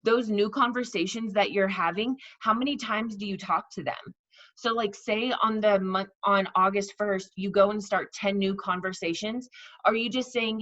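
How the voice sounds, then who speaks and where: A woman's voice: medium pitch, moderate pace, a bit bright, dull audio. A woman coaching her sales team in a casual, chatty way, repeating herself and acting out sample messages. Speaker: network marketing team leader.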